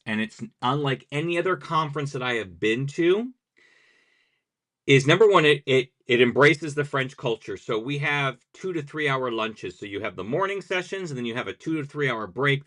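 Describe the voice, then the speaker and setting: An American man talking in a relaxed interview, telling lively stories and acting out the dialogue in them. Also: mid-range voice. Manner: lively anecdotal, acts out quoted dialogue. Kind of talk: conversational storytelling.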